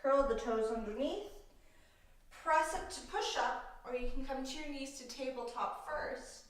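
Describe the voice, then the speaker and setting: A woman leading a vinyasa yoga class, calmly cueing breaths and poses with a playful aside now and then. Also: high-pitched, unhurried, far from the mic. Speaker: yoga instructor. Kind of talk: guided yoga class instruction. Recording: roomy echo, voice from off mic.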